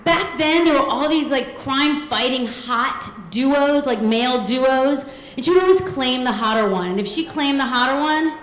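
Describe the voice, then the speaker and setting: A woman's voice: high voice, normal speed, a bit bright, reverberant, low-quality recording. A woman in her thirties telling a true personal story on stage, comic and self-deprecating, acting out the voices of the people in it. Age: 30s.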